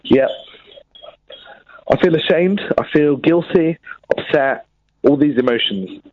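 A male caller on a radio phone-in, telling his story in a flat, matter-of-fact way. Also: fairly high pitch, takes it slowly, dry recording. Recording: dull phone line.

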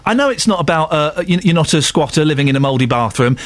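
A male radio presenter chatting casually on air, teasing his co-host with quick banter and asides. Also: fairly high pitch, animated. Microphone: studio microphone.

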